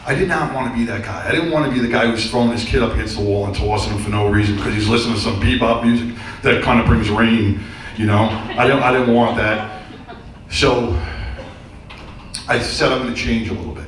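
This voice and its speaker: His voice is on the low side, with fairly even intonation and a fairly quick pace. The middle-aged man is doing a stand-up routine on a theater stage in front of a live audience, telling loose, rambling tales with crude punchlines. Room sound is very echoey and distant, with faint noise.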